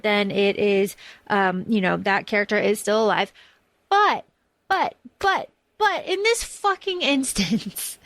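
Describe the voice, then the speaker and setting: High-pitched woman podcaster, rambly and sweary, super dry close sound. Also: fairly bright tone, dry recording. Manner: rambling, enthusiastic, swears freely. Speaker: podcast co-host. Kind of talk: casual film discussion.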